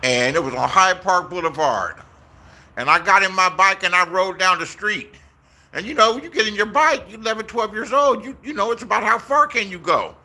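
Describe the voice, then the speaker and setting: A man's voice: sits high, lively intonation, moderate pace, bright, forceful tone. A man in his sixties from Inglewood, telling rambling, profane stories in a casual vlog and acting out the voices he quotes, recorded outdoors. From Inglewood, Los Angeles, USA. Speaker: YouTuber.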